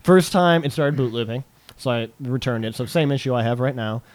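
Loud, animated casual man. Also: mid-range voice, fairly quick, no echo. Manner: loud, animated, swearing, laughs often. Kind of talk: casual chat.

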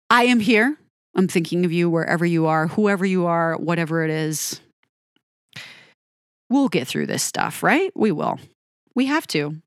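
Her voice fairly low, a music video creator gives an earnest, emotional direct-to-camera talk telling viewers to look after themselves. She alternates between speeding up and slowing down, and the clean studio recording has no room sound.

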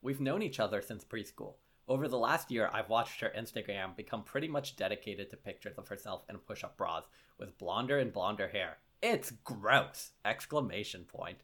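Podcast co-host, young man, low-pitched, wry and halting, lots of ums. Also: fairly bright tone. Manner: joking, self-deprecating, halting with fillers. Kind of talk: casual podcast chat.

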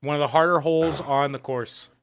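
A man's voice: fairly high pitch, steady tone, brisk, vocal fry, fairly bright tone. A man co-hosting a casual chat, joking, swearing freely and laughing a lot. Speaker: co-host.

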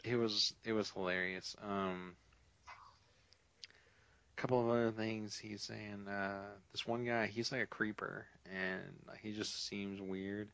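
A man's voice: on the low side, steady tone, measured pace, fairly bright tone, clear, resonant tone, dry recording. A young man co-hosting a podcast, chatting casually and telling stories about his coworkers. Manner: storytelling, quoting coworkers. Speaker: podcast co-host. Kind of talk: casual chat. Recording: dull lo-fi sound.

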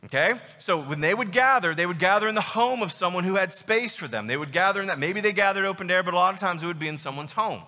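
Bright-voiced emphatic male preacher. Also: sits high, animated, fast talker, hardly any pauses, big-room sound. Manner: emphatic, emotional, rhetorical questions. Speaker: pastor. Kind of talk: sermon.

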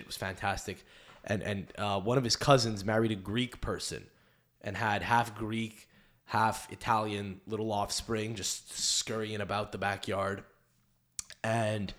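A man's voice: fairly low pitch, fairly bright tone. A young man hosting a podcast in casual chat, rambling through stories and swearing often. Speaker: podcast host.

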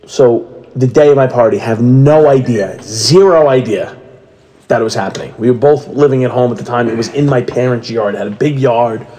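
Male co-host, thirties, animated storyteller in casual chat. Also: mid-range voice, moderate pace. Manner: animated storyteller, acts out quotes loudly. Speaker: podcast co-host.

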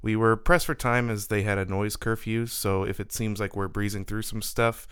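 Man, podcast host, low-ish and very clean voice, relaxed intro read. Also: moderate pace, smooth, no echo, studio quality. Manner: casual, easygoing, with small laughs. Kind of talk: scripted voice-over intro.

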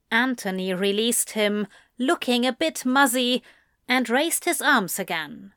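A woman reads fan fiction aloud in an even storytelling voice. Her pace is slow and deliberate. The recording is dry and close, with no room sound. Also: medium pitch, dry recording. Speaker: narrator.

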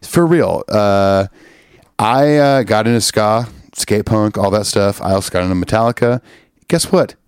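A man's voice: on the low side, measured pace, clean tone, dry recording, clean studio sound. A man in his late thirties co-hosting a podcast, tired and punchy, joking loosely and reading listener emails with plenty of swearing. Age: 30s. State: sleep-deprived, punchy. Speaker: podcast co-host. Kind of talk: casual podcast banter.

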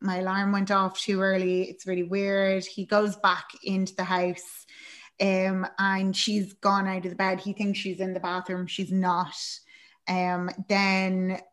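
A woman's voice: mid-range voice, monotone, a little slow, fairly bright tone. Chatty woman recapping a film. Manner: chatty, lots of fillers, acts out character lines. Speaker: podcast co-host. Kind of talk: casual movie recap.

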